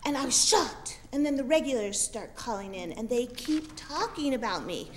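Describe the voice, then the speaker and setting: A woman's voice: fairly high pitch, expressive, moderate pace, a little hiss or hum. A woman from Utah reading her own funny stories on a comedy club stage with dry, wry humor. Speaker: storyteller. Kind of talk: live storytelling reading.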